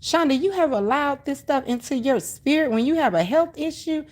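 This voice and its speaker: Speaking at a normal speed, a middle-aged woman with a high, expressive, darkish-toned voice hosts a laid-back livestream. She replies to viewer comments emphatically, with a sassy, preachy edge, and keeps restating her points.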